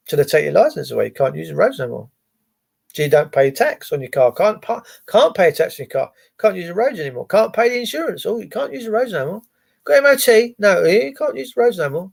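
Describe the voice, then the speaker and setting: A livestream host rants to his viewers, addressing them directly in a blunt, sarcastic way with lots of swearing. His pitch is slightly raised with a gravelly edge, swinging widely as he talks fairly quickly.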